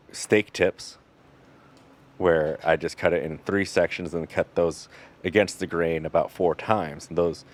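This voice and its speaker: A low-sitting voice belongs to a man who works as a butcher. Explaining each cut in turn, he teaches casually, cracking jokes and dropping filler words in an easygoing way.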